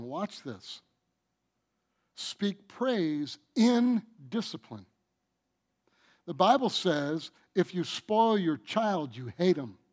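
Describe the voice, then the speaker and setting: A middle-aged man preaches, lengthening his phrases as he shifts between booming emphasis and hushed asides.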